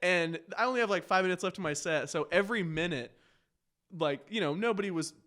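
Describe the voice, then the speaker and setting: High, lively young man telling stories. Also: fairly quick, a crowd in the background. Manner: animated, profane, laughing storyteller. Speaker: stand-up comedian, podcast guest. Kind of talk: casual podcast storytelling.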